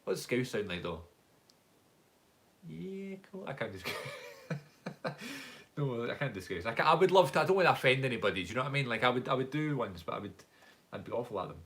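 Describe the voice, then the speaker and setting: A man's voice: medium pitch, animated, fast talker, a bit bright. A young man with a Glaswegian accent, chatting casually on a live stream Q&A as a YouTuber and actor, rambling through stories and laughing often. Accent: Glaswegian Scottish. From Scotland.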